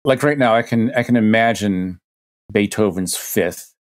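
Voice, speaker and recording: Low-voiced man explaining with restarts. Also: measured pace. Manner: thinks aloud with many restarts and hypothetical examples. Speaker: guest expert. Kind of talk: conversational podcast explanation.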